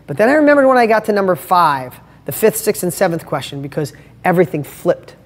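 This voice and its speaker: A man's voice: high-pitched, big pitch swings, fast. Emphatic motivational man, reverberant room. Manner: emphatic, heartfelt, rhetorical questions. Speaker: host. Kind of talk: motivational live-stream talk.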